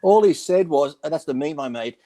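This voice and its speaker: Brash storytelling man, higher voice. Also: animated, fairly quick, dark tone. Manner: rambling, acts out quotes, swears freely. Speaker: podcast co-host, former bodybuilder. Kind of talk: casual chat, storytelling.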